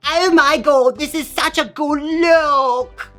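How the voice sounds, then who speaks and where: Prim fairy godmother, posh put-on accent, shrill bright tone, man doing the voice. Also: fairly even intonation, slow, faint music behind, exaggerated voice. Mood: grandly giddy.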